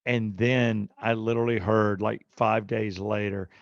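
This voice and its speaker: A man's voice: on the low side, unhurried, creaky, no echo, muffled recording. A man co-hosting a podcast, telling a casual story and animatedly acting out the people in it with voices. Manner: animated, acts out quotes with voices. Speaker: podcast co-host.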